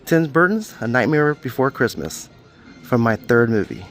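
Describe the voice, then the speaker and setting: A man's voice: medium pitch, very animated, moderate pace, faint music behind. Playful man talking in third person. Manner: playful, talks about himself in third person. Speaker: vlogger. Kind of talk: casual vlog walkthrough. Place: video rental store.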